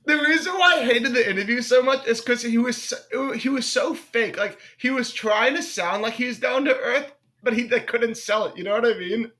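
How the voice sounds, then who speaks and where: Young comedian, high-pitched, casual and animated, swears freely. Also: male voice, normal speed, hardly any pauses. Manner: animated, swears often, breaks into loud joking voices. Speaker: podcast guest, comedian. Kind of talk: casual podcast chat.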